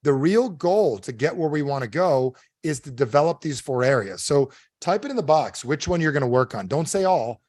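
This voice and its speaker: A man with a somewhat high voice giving a live motivational seminar talk. He speaks emphatically and animatedly and keeps checking in with his listeners through questions. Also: normal speed, hardly any pauses, dry recording, clean studio sound. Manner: animated, keeps quizzing the audience; emphatic, storytelling.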